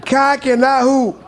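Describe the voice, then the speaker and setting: Slow-talking high-voiced young man. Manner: laid-back, amused, talks slowly with drawn-out remarks. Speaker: reaction channel host. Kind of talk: casual reaction commentary.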